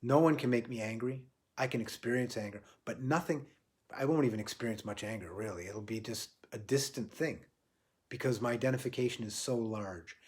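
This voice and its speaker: A man giving a reflective spiritual talk on a livestream, repeating phrases for emphasis and dropping to quiet, soft lines. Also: medium pitch, fairly quick. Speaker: spiritual teacher.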